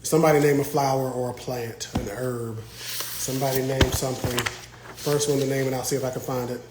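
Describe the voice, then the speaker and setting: A man's voice: mid-range voice, steady tone, brisk, heavy background noise. Playful man live-streaming from a library. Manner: playful, teasing. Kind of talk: casual live-stream chat. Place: indoor library.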